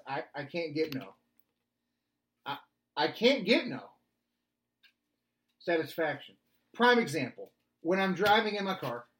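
Deadpan man reciting lyrics as life advice. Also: fairly high pitch. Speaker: podcast co-host. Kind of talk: deadpan comedic chat quoting song lyrics.

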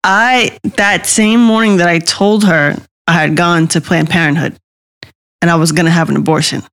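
A woman's voice: fairly low pitch, steady tone, normal speed, a bit bright. A woman candidly sharing a personal story, earnest and insistent, often repeating herself to make her point.

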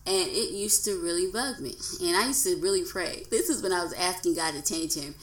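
A woman's voice: lowish voice, fairly quick. A woman in her thirties hosting her own podcast, talking earnestly and casually, now and then acting out quoted voices. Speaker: podcast host. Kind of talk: casual solo podcast talk. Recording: echoey room.

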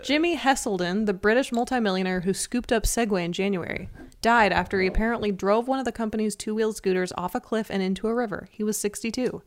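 A woman co-hosts a casual podcast, her voice mid-pitched and easygoing. She chats wryly and reads things aloud to the others. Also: quick pace. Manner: chatty, wry, reads news aloud. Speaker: podcast co-host. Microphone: podcast microphone.

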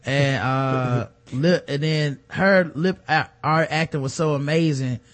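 A man co-hosting a podcast, recapping a TV episode in casual chat, swearing freely and acting out the characters' lines in loud voices. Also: on the high side, takes it slowly. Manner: animated, acts out quotes in loud put-on voices, swears freely. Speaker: podcast co-host.

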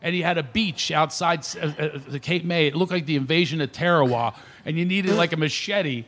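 Guy comic spinning wild family stories on a radio show, laughs a lot, slightly high voice. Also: fairly quick, a little hiss or hum. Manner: animated, laughing, imitates his dad and others. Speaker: comedian guest. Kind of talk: storytelling on a radio talk show.

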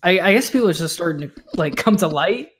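A man's voice: high voice, lively intonation, quick pace, slightly rough. A tipsy man in a casual chat with a friend, rambling with lots of filler words and giggling.

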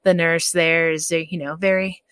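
A woman's voice: fairly low pitch, moderate pace, clear, resonant tone, no echo. A woman, a podcast guest, telling a personal story in casual talk, laughing often and acting out what people said. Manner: laughs often, quotes people in lively voices.

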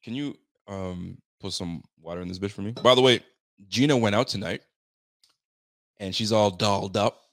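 A man hosting a casual sports podcast, joking and animated, talking in slang. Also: lowish voice, normal speed, dry recording. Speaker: podcast host.

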